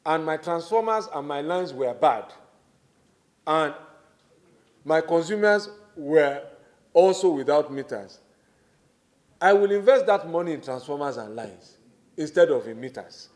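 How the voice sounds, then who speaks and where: Measured Nigerian man, slightly high voice. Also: lively intonation, darkish tone. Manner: measured, deliberate, emphatic explaining. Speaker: government minister. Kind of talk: formal testimony at a public hearing.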